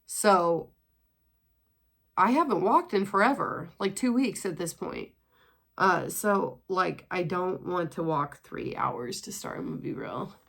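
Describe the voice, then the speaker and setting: A woman's voice: fairly low pitch, animated, a little slow, gravelly, a bit bright. A woman in her twenties talking casually in a rambling vlog while walking on a treadmill at home. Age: 20s. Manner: chatty, rambling, sprinkled with swearing. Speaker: vlogger.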